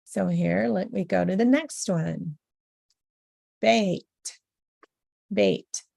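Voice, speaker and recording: A woman's voice: fairly low pitch, unhurried, vocal fry, warm tone, no room sound. A woman teaching a beginner language lesson, patiently saying each letter sound several times over.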